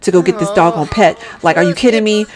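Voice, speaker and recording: A woman's voice: on the low side, fast talker, crowd noise, close to an everyday voice. A woman voicing an impatient, complaining teenage boy in a life-simulation game, her own voice barely changed. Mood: exasperated. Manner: exasperated, complaining. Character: fed-up teenage boy Sim, impatient older brother.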